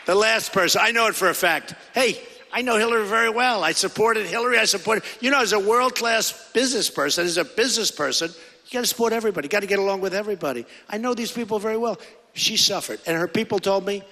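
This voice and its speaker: A middle-aged man with a high, bright, forceful voice gives a campaign rally speech. He rambles and repeats himself, dropping offhand asides to the crowd. His voice booms through a large hall with a long, echoey reverb. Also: animated, brisk. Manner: rambling and repetitive, with conversational asides. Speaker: political candidate.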